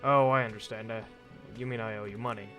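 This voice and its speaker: A man's voice: on the low side, steady tone, fast, pushed and bright, soft background music, pitched below the performer's own voice. A man doing a clueless, blunt detective. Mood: confused. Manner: bewildered, blunt questions. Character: clueless rumpled male detective, the player character.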